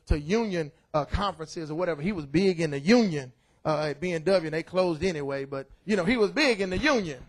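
A middle-aged man preaching a loud, excited sermon in church, calling out to the congregation. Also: sits high. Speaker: pastor. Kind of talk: energetic sermon.

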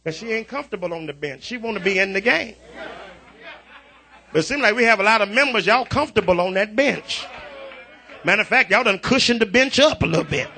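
A man preaching a revival sermon in a church, using call-and-response and breaking into shouts. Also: sits high, lively intonation, fairly quick, a faint crowd. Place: church sanctuary.

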